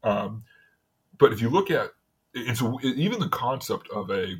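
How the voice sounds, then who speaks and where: Here a podcast guest who works for the city rambles through stories in relaxed conversation, laughing often and starting over frequently. His medium-pitched, husky voice swings widely in pitch, at a measured pace.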